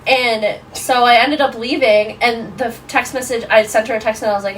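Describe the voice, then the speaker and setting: A woman in her twenties, a podcast guest, telling a story in a casual, animated way, full of "like". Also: fairly high pitch, normal speed, recorded from a distance, a little hiss or hum, low-quality recording. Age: 20s. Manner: animated, lots of fillers like "like".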